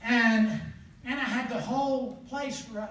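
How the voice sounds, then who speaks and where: An older man from the southern United States, a traveling evangelist, telling his testimony in a folksy, animated way with laughter. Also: very high-pitched, unhurried. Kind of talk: storytelling testimony in conversation. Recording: echoey room, distant mic, faint noise.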